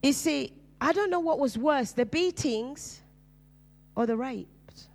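A woman, a preacher, telling her personal testimony in conversation, earnest and dropping low and soft on painful memories. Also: lively intonation, slow pace. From Uganda.

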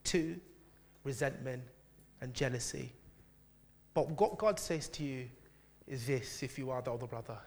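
A man preaching a sermon, telling a personal story with lively laughter and frequent asides to the congregation. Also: mid-range voice, a little slow, pauses often. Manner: animated, laughing, keeps asking "do you know what I mean".

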